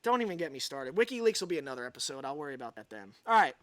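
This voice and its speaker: A man's voice: fairly high pitch, very animated, racing, a bit bright, no room sound. Sarcastic, exasperated man on a livestream. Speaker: livestream host. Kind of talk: ranting live commentary, reading an article aloud.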